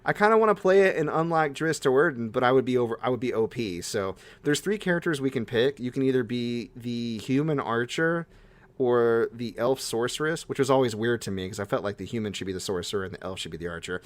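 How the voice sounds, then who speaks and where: A young man co-hosting a casual podcast, talking in an excitable, gushing way that jumps into high-pitched bursts. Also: a little fast. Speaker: podcast co-host. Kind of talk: casual chat.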